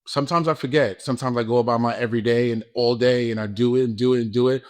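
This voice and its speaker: Earnest New man, mid-pitched. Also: steady tone, fast talker. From New York. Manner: earnest, repeats words, gets emotional. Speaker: school principal, guest. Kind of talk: casual interview talk.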